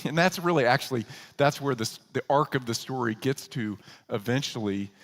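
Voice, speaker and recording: A man preaching a sermon as pastor, telling a story with animated delivery and acting out the characters he quotes. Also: medium pitch, big-room sound.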